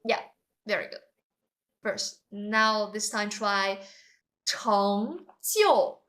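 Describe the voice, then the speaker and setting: A woman's voice: medium pitch, extremely slow, a bit bright. A woman from southern China, teaching a language lesson in a classroom in an encouraging, playful way, praising her students often. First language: Chinese. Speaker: Chinese teacher.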